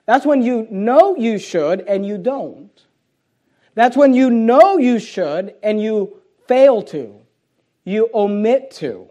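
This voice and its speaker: A man with a notably high voice preaches a sermon with fire, shouting out key phrases and then dropping low and quiet. He hammers home his points by saying them again and again, and he stretches out the words he wants to stress. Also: sing-song, slow pace. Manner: fiery preaching, swinging between loud emphasis and quiet, and repeating key phrases. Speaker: pastor.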